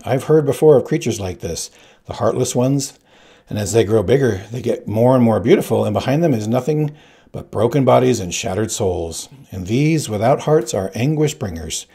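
A grave village midwife gives ominous advice in a dark, gravelly voice, as a male reader puts her on. She talks softly and slowly. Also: medium pitch, expressive.

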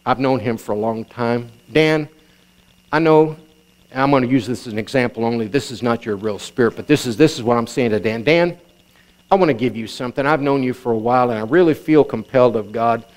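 A male pastor preaching a sermon, telling a long example story and moving from quiet, confiding lines to raised, urgent exhortation. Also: fairly quick. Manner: storytelling preacher, swings from low confiding tones to raised exclamations.

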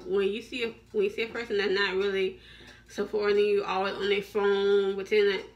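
A woman vlogger gives her viewers a motivational talk that turns repetitive and preachy, though still encouraging, and she keeps restarting her sentences. Her mid-range voice comes from far off the mic, with the highs cut off.

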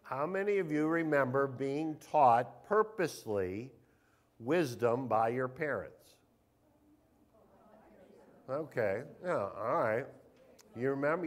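A man's voice: mid-range voice, animated, takes it slowly, pauses often. A man, a pastor, leading a Bible study, reading scripture aloud with emphasis and questioning the group.

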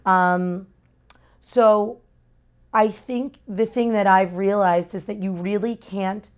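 Fast-talking earnest mother. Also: medium pitch. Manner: earnest, expressive, shifting tone for emphasis. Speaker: parent giving a testimonial. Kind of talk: candid interview answers.

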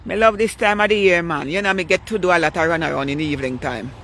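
An older woman, chatting casually on a live stream while walking outdoors at night, greeting her viewers by name in a relaxed way. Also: on the low side, fast talker, a little hiss or hum. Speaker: vlogger hosting a live stream.

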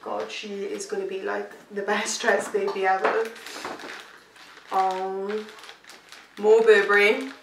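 A pregnant woman vlogging from home in a casual, gushing, excitable chat full of fillers. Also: mid-range voice, slow pace, gravelly, long pauses, heavy background noise. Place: at home, indoors. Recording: echoey room, mic at a distance.

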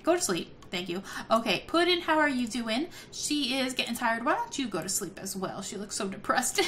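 A woman hosting a let's-play video, giving excitable casual commentary, gasping and laughing often. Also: on the high side, a little hiss or hum. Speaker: gaming video host.

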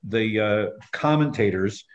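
A man reading scripture aloud in a measured, unhurried way, then leading a study group discussion over a video call. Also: lowish voice, a little hiss or hum. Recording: roomy, dull lo-fi video call audio.

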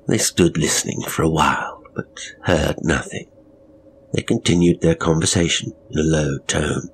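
A man narrating a horror story in a measured, dramatic, brooding way. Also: very deep voice, fairly even intonation, a little hiss or hum.

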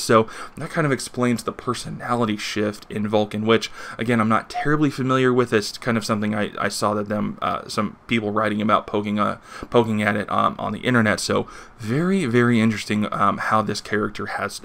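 A man's voice: lowish voice, fairly even intonation, fairly quick, creaky, a bit bright. A man reviewing a comic book in a casual, rambling way, with plenty of fillers and restarts as he reads passages aloud.

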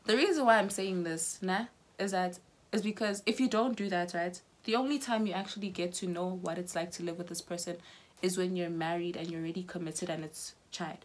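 A woman's voice: lowish voice, fairly even intonation, fairly quick. A young South African woman chatting casually as a host, insistent and repeating herself to make her point. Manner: insistent, repeats herself, mixes in Zulu words. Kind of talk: casual chat.

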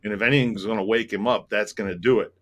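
Bright-voiced man telling a candid story. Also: fairly low pitch, fairly even intonation, fast. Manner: candid, rambling, swears freely, grows emotional. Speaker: tour operator telling a story. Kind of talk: casual storytelling chat.

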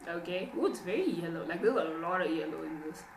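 A young woman hosting a reaction video, chatting casually in an excitable, rambling way as a fan. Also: fairly low pitch, fast, vocal fry, slight background noise. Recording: roomy echo, distant from the mic. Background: music video playing.

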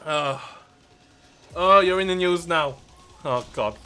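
Young British male streamer, playful and giggly, slightly high voice, faint music behind. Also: slow, long pauses, sharp tone, clear, resonant tone. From United Kingdom. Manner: playful, laughs often, pleading bursts. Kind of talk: live game stream chat.

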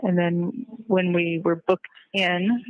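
A woman's voice: on the low side, fairly even intonation, slow pace, dry recording, phone-quality sound. A woman on a recorded call, talking earnestly and reflectively, often trailing off as she searches for words. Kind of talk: reflective conversation.

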